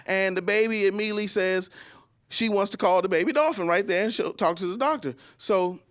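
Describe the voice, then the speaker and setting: A man in his forties doing a stand-up comedy story, jumping into high squeals when he acts out quotes. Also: brisk. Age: 40s. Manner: animated, jumps into high squeals acting out quotes.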